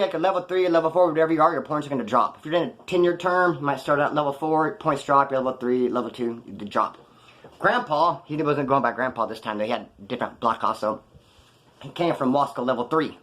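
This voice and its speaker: A man's voice: mid-range voice, fairly bright tone. A man casually telling rambling, profane prison stories off the cuff, full of slang. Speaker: storyteller recounting his prison past.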